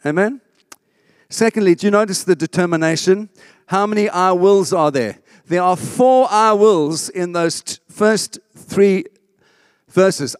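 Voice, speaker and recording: Here a male pastor speaks in a high-pitched voice at a measured pace, delivering an emphatic sermon and repeatedly asking the congregation to answer with an amen. It's studio quality, free of echo.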